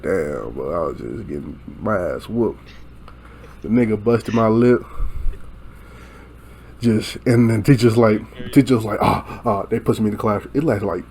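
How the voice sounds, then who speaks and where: A young man casually telling a story, animated and profane, acting out quotes and laughing along the way. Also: lowish voice, slight background noise.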